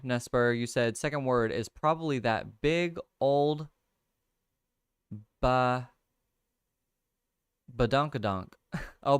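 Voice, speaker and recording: Young guy chatting slow on stream, smooth clear voice, dry close sound. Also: medium pitch, no room sound. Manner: thinks out loud, laughs often, reads viewer comments. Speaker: livestream host. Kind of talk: casual chat, solving a crossword with chat.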